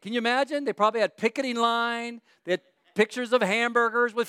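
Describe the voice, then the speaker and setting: High, smooth-voiced male preacher. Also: fairly quick, no echo, clean studio sound. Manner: expressive, conversational, asks the audience questions. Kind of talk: sermon.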